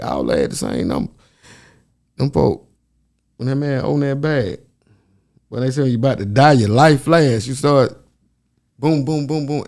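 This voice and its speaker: A man speaking as a podcast guest, telling a story in a profane, animated way and acting out other people's voices. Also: mid-range voice, vocal fry. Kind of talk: casual storytelling.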